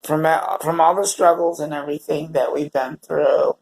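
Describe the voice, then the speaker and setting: A man talking to the camera in a personal vlog, halting and heartfelt, often repeating words as he searches for what to say. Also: fairly high pitch, fairly even intonation, gravelly, darkish tone. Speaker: vlogger. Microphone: camera held or set facing away.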